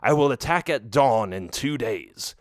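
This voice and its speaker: A man's voice: mid-range voice, expressive, dry recording, clean studio sound, lightly acted. A man voicing a scheming male skeleton chief of an undead army, sinister and gloating in an audiobook for children. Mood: menacing. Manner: sinister, gloating, with slow deliberate threats.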